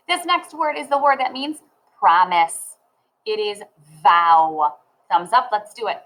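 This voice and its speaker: A woman teaching a phonics lesson to children, sounding out letters and words slowly and clearly. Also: mid-range voice, expressive, fairly bright tone, low-quality recording.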